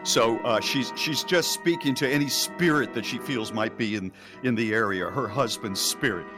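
A male radio co-host casually retelling a spooky TV episode, with animated acted-out quotes. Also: mid-range voice, normal speed, music in the background.

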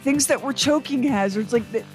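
A woman's voice: fairly high pitch, normal speed, faint music behind. A woman co-hosting a radio show, chatty and amused as she plugs the website. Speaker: radio co-host. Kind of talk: casual radio chat.

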